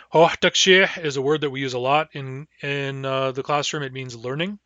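A man teaching a language class online, sounding out words slowly and carefully, syllable by syllable. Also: medium pitch, steady tone, a bit bright, dry recording, lo-fi sound. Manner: slow, careful, deliberate pronunciation.

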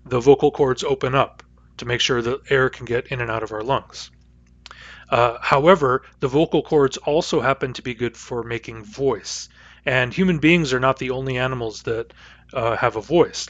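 A man's voice: mid-range voice, moderate pace, fairly bright tone, no room sound, dull audio. A man teaching a phonetics lesson, explaining sounds patiently and demonstrating each one aloud. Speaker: language teacher.

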